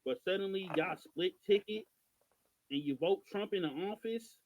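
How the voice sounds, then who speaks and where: A man with a somewhat raised pitch co-hosts a loose podcast conversation. He talks in an exasperated, emphatic rant, hammering his points home. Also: moderate pace, dull audio, a little hiss or hum. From Missouri. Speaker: podcast co-host. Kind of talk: casual podcast chat.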